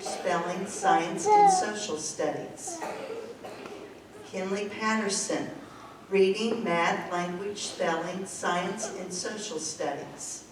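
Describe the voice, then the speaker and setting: A woman teacher slowly reads award winners name by name at a school ceremony. She is far from the microphone in a very echoey hall, and steady room noise sits clearly under her voice. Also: medium pitch. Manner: slow, measured list reading. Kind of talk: reading out a list of names.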